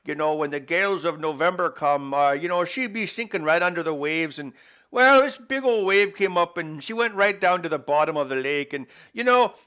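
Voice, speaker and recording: A man's voice: a little high, normal speed, pushed and bright, smooth, pitched above the performer's own voice. A man putting on a folksy Canadian rambler. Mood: storytelling. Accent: exaggerated Canadian. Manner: rambling, filler-heavy storytelling. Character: folksy chatty Canadian everyman, jokey.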